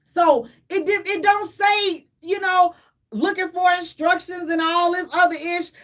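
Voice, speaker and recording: A woman's voice: extremely high pitch, steady tone, measured pace, fairly bright tone. A middle-aged woman, co-hosting a radio talk show and dramatically acting out her own panic as she tells a story. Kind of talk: animated storytelling chat.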